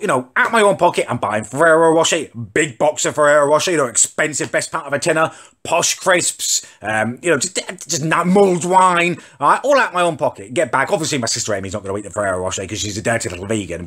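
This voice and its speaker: A man's voice: mid-range voice, expressive, quick pace, bright, forceful tone, roomy sound. An English man ranting to camera in a comic, indignant, exasperated way. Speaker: vlogger. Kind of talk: comedic rant to camera.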